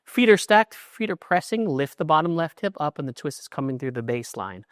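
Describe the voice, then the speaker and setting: A man's voice: on the high side, big pitch swings, a little fast, a bit bright, no echo, clean studio sound. A middle-aged man teaching a yoga class, cueing poses in short instructions with an encouraging, chatty manner.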